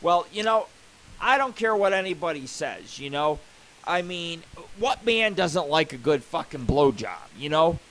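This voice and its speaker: A man's voice: on the high side, expressive, unhurried, a bit bright, slight background noise, poor audio. A man hosting a live internet radio show, ranting in a rambling, profane, joking way.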